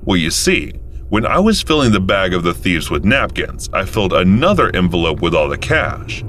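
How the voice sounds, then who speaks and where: Male narrator, very deep, lively intonation, calm first-person telling, faint music underneath. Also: moderate pace, slight background noise. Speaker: story narrator.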